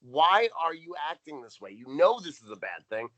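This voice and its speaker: A man's voice: fairly high pitch, sing-song, moderate pace, fairly bright tone, lo-fi sound. Sarcastic young man summarizing plot. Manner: sarcastic, reads from his notes, swears. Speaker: podcast co-host. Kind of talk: casual recap chat.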